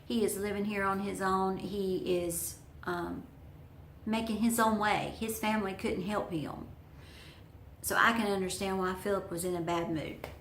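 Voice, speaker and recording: A woman's voice: on the low side, echoey room, a little hiss or hum. A woman telling a personal story to her viewers in a chatty, folksy way. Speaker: vlogger. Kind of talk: storytelling vlog.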